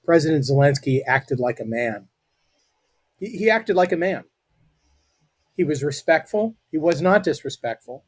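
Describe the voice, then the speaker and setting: An American man in middle age talks with earnest passion on a podcast. His voice is husky and the sound is dry and close, with little room echo. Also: fairly high pitch, expressive, normal speed, long pauses. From United States. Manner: earnest, impassioned, with frequent restarts. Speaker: podcast guest. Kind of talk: political commentary in a podcast conversation.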